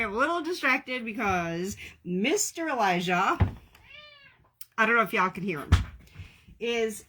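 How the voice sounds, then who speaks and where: Lady chatting on her craft livestream, kinda high bright voice, laughs a lot, says y'all. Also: animated, measured pace, pauses often. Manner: chatty, laughs often, talks to viewers as y'all. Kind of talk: casual livestream chat.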